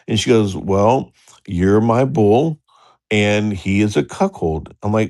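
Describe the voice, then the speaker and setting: On a livestream talk show, a middle-aged man with a lowish, somewhat mellow voice slowly rambles through a crude personal story. He laughs often and acts out the dialogue as he goes in this casual storytelling.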